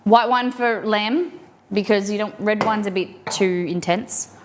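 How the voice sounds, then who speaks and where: A young Australian woman cooks on a live stream in her home kitchen and keeps up a loose, rambling chat with viewers as she works. Her voice sits at an everyday middle pitch. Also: unhurried, a little hiss or hum. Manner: chatty, rambling, talks to chat while cooking. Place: home kitchen set up as a studio.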